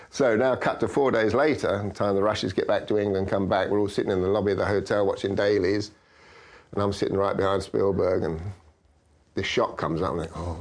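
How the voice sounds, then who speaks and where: An older man with a low voice tells lively stories from decades of stunt work. He slips into the voices of the people he quotes as he goes. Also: fairly quick. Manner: lively storyteller, acts out quoted dialogue. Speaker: stunt coordinator guest. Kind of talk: anecdotal interview storytelling.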